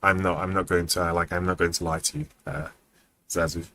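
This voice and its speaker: A man giving casual feedback on student animation during a livestream, relaxed and chatty, thinking aloud with frequent ums and acting out poses as he explains. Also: low voice, brisk, vocal fry, a little hiss or hum. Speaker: animation mentor reviewing student work.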